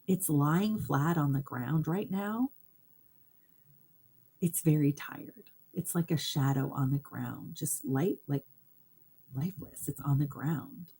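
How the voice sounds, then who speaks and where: A woman with a low, deep voice hosts a casual livestream as a hypnotherapist. She speaks earnestly and straight to her viewers, with easy laughs between thoughts. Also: slow, vocal fry, warm tone, breathy edge. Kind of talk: casual live talk.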